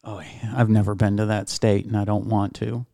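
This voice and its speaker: A man's voice: lowish voice, little pitch movement, moderate pace, dark tone, no echo, clean studio sound. A man co-hosting a comedy radio talk show, making wry, offhand remarks. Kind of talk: casual comedic chat.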